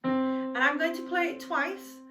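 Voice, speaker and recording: A woman teaching a singing lesson to young children, encouraging and speaking slowly and clearly. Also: very high voice. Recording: roomy sound from a distance, music behind.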